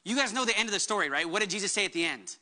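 A woman's voice: medium pitch, expressive, racing, sharp tone. A woman pastor delivering a sermon with emphatic preaching, acting out the words she quotes.

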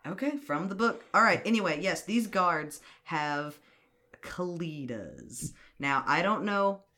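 A podcast host recapping a movie in a chatty, animated way, swearing freely. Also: medium pitch, normal speed.

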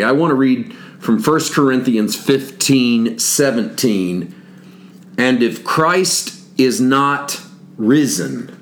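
A man delivering a sermon in a relaxed, conversational tone. His pitch sits in a middle range. He builds momentum with short repeated phrases. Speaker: pastor. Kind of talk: sermon teaching series.

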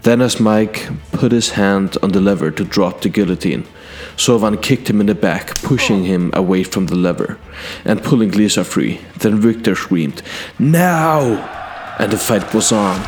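A man telling a fantasy adventure in character, recounting past deeds to a king in a measured, earnest first-person way. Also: fairly low pitch, darkish tone. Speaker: storyteller.

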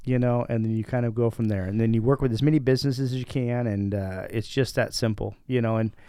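A man's voice: mid-range voice, steady tone, fast, mellow, smooth, no echo, clean studio sound. A man co-hosting a podcast, chatting casually and encouragingly, with frequent hesitant restarts. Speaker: podcast co-host.

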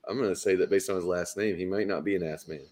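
A man's voice: low-pitched, steady tone, fast talker, a little mellow. A man co-hosting a casual podcast, teasing his partner, laughing and grumbling. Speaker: podcast co-host.

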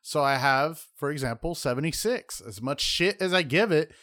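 A man co-hosts a podcast, chatting casually in a blunt and profane way. His voice is on the high side and animated at normal speed, with a fairly bright tone, captured in a dry, clean studio recording.

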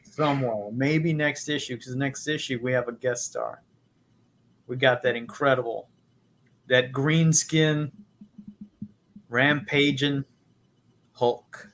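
A man co-hosting a podcast in loose, rambling chat. He swears freely and drifts from point to point in an ordinary middle-pitched voice. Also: steady tone, slow pace, long pauses, a bit bright. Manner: profane, rambling, puts on mock accents. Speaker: podcast co-host. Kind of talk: casual comedic chat.

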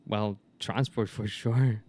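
A man whose first language is Spanish, chatting casually in English and often pausing to search for words. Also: on the low side, fairly even intonation, a little mellow, slight background noise. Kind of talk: casual chat.

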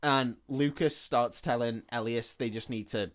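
A man's voice: medium pitch, fairly even intonation, a little slow, a bit bright. Man recapping a film plot. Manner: retells the plot loosely, acting out the characters' lines. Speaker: podcast host. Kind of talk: casual film recap chat.

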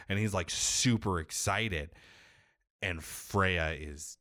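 Deep-voiced man rambling casually. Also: unhurried, pushed and bright, no echo, clean studio sound. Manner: rambling, profane, heavy filler 'like'. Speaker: podcast co-host recapping a video game. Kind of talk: casual chat.

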